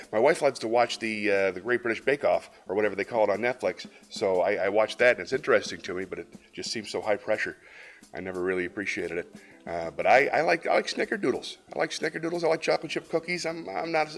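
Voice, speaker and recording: A man's voice: lowish voice, a bit bright. A man hosting a live stream, chatting casually with viewers and joking about their comments in a playful way. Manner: playful, jokey, reads chat comments aloud. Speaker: host of a live variety stream.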